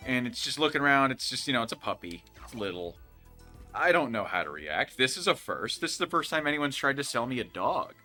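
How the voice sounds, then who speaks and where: A man's voice: mid-range voice, quick pace, few pauses, faint music behind. A man casually telling a work story while playing a game, acting out the people in it. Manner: animated, acts out the people in his story. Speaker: co-host. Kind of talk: casual storytelling over gameplay.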